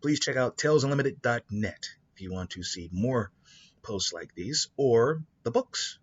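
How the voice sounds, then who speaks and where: A man hosting a show, talking through a story idea in a rambling, animated way. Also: mid-range voice, measured pace, slightly rough, lo-fi sound. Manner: rambling, animated, with many restarts. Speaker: host. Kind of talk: casual spoken storytelling.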